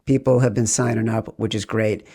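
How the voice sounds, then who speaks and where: Excitable man hosting a betting podcast. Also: on the low side, normal speed, gravelly, breathy edge. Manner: excitable, playful, sing-song greetings. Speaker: podcast host. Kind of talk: sports betting podcast chat.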